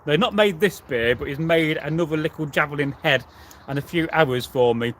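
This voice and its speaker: Chatty man, slightly high voice. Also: brisk, fairly bright tone, slight background noise. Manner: rambling and chatty, with many fillers and restarts. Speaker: history channel host. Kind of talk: casual live chat Q&A with viewers.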